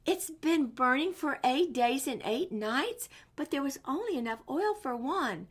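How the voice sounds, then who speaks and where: A gentle giant bird from a children's picture book exclaims in wonder, voiced by a woman reading aloud. The voice lifts a little higher than plain speech but stays close to everyday talk. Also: animated, measured pace. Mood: amazed.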